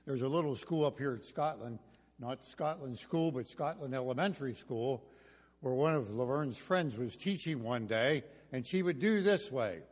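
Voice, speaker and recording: A man's voice: medium pitch, lively intonation, normal speed. An older man delivers a sermon with a storyteller's touch, mixing homespun anecdotes and light humor. His voice sits in the middle of the male range. The church hall adds a long, ringing reverb. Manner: folksy storytelling with jokes. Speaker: pastor. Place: church sanctuary.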